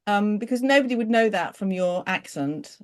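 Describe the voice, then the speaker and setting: A woman's voice: medium pitch, animated, normal speed. A woman co-hosting a podcast chat, bubbly and teasing, laughing often. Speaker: podcast co-host. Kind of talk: casual chat.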